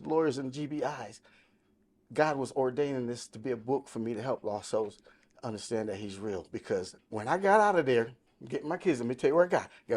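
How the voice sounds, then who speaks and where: A man's voice: mid-range voice, darkish tone. Sixty-year-old man telling his testimony. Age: 60s. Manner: emphatic storytelling, quoting others. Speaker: podcast guest. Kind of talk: testimony in casual talk.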